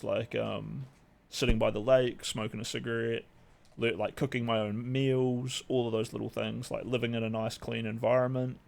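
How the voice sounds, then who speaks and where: A man's voice: on the low side, creaky. A young man, streaming and chatting casually, rambling with lots of fillers and swearing. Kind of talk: casual live-stream chat.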